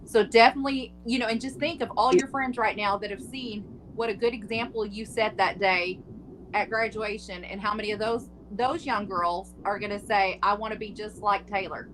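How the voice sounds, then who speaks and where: A woman's voice: medium pitch, fairly even intonation, normal speed, fairly bright tone. A woman co-hosting a talk show, chatting casually and encouragingly, laughing often. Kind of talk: casual interview chat. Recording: noisy recording.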